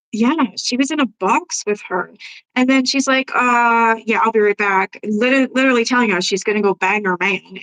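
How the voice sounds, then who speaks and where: A woman's voice: on the high side, a bit bright, rough recording. A woman hosting a casual live stream who talks bluntly, swears freely, laughs often and answers viewer comments. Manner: blunt, profane gossip with frequent laughs. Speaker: livestream host.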